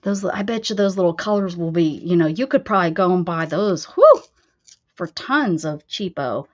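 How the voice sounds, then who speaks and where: A woman's voice: fairly low pitch, brisk, dull audio. A woman hosting a casual crafting livestream, playful and chatty, talking to her viewers as she works. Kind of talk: casual live crafting chat.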